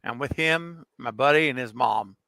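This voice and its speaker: Animated man telling a story. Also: mid-range voice, normal speed, no room sound. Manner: animated storyteller, laughs often. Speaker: co-host. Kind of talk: casual livestream storytelling.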